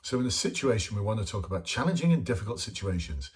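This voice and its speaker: A man's voice: on the low side, big pitch swings, fast talker. A man talking casually and bluntly as a police interview coach, informal and chatty, with mild swearing. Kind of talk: casual spoken lesson to camera.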